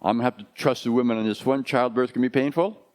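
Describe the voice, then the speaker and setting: A man's voice: mid-range voice, fairly even intonation, quick pace, darkish tone. A man in his fifties, a pastor preaching a conversational sermon full of rhetorical questions.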